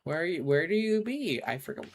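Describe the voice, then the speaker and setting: A man's voice: on the high side, very animated, a little fast, slight background noise. Rambling man streaming a farm game. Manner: rambling, self-interrupting, goofy asides. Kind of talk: casual chat while gaming.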